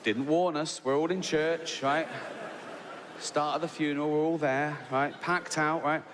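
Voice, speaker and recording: A man's voice: a little high, steady tone, measured pace, noisy background. English man telling a stand-up story. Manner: tags lines with "right?"; laughs through his own jokes. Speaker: stand-up comedian. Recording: long hall reverb.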